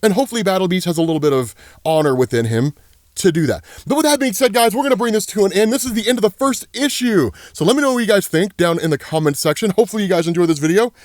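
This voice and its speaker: A man recaps a comic in a casual, excited way, full of "like" and "right?". His voice sits fairly high and swings a lot in pitch. The sound is dry and close. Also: quick pace, dry recording. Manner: casual, filler-heavy, excited. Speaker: comic book explainer.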